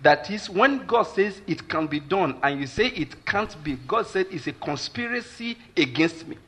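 Nigerian pastor, male, forceful husky voice, preaches emphatically with constant check-ins. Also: high-pitched, expressive, moderate pace. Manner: emphatic, keeps asking the listeners if they follow. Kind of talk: sermon.

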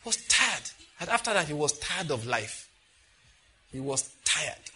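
A man with a Nigerian accent preaching a sermon, telling scripture stories with sudden animated exclamations. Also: on the high side, measured pace, husky.

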